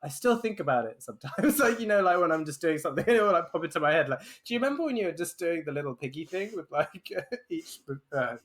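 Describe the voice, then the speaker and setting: A man's voice: a little high, very animated, fast, hardly any pauses, fairly bright tone. A man chatting casually on a podcast, rambling and laughing, with lots of fillers. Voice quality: giggly, rambling delivery with many fillers. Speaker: podcast co-host. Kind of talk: casual chat.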